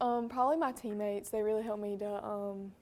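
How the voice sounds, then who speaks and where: A woman's voice: medium pitch, fairly even intonation, a little fast, darkish tone. A teenage girl answering interview questions politely, with many ums and "yes, ma'am". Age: late teens. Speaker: high school cheerleader. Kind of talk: casual interview.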